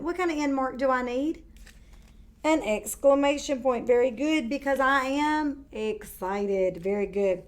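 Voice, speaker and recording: Kindergarten teacher, woman, slightly high voice, slow and encouraging delivery. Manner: slow, clear and encouraging, stretching out words. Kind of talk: video lesson for young children.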